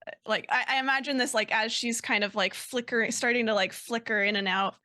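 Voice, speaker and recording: A woman's voice: on the high side, a little fast, dry recording, clean studio sound. A woman describing her character's actions in a tabletop game, casual and rambling with many fillers. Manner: rambling, filler-heavy, animated. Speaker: player.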